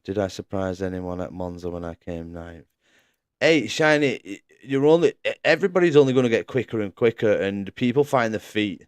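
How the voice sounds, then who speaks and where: A man's voice: lowish voice, lively intonation, fairly quick, clear, resonant tone, no room sound. A man commentating a sim racing league live stream, chatting casually, laughing often and reading out viewers' messages.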